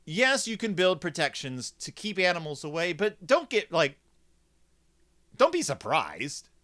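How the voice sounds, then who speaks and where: Brief: a snarky male host riffing on a kids' book, with a crisp, clear voice and a somewhat high pitch. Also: normal speed. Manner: snarky, animated, rambling. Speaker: host reviewing a children's book. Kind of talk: comedic book commentary.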